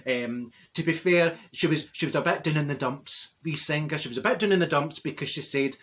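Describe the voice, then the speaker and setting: A man's voice: on the high side, a little fast, a bit bright, lightly acted. A man playing a chatty, gossipy middle-aged Glasgow woman with a Glaswegian Scottish accent, rambling to camera with plenty of asides. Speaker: comedy character. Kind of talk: comic character monologue to camera. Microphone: camera set up nearby.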